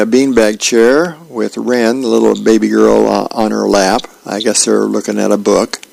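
A male radio host reading comic strips aloud in a relaxed, unhurried way. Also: on the low side, gravelly, dry recording, low-quality recording.

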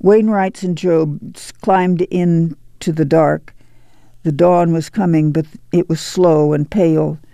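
Male audiobook narrator, measured and gravelly, somewhat higher pitch, dry. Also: steady tone, warm tone, no room sound. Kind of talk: scripted narration.

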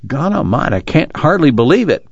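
A man reading aloud voices an eager young rural drifter with an excited drawl. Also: fairly high pitch, brisk, no echo, dull audio, pitched above the performer's own voice. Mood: astonished. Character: young rough-spoken male drifter, eager.

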